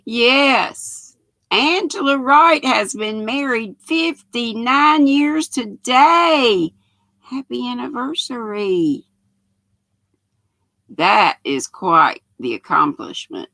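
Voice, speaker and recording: Slow, folksy older Southern woman. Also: a little high, animated, gravelly, pushed and bright, no echo. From North Carolina. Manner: chatty, folksy, greets viewers by name. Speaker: livestream host. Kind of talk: casual livestream chat greeting viewers.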